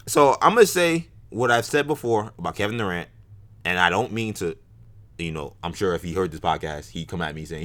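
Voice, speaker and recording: A man's voice: low voice, animated, fairly quick, fairly bright tone. A man co-hosting a podcast, talking sports casually and rambling with fillers and restarts. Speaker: podcast co-host.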